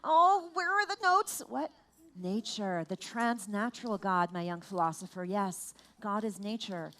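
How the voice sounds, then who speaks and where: A woman leading a lively family service, animated and playful, asking children questions and exclaiming at their answers. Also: medium pitch, a little slow. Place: large room in a temple.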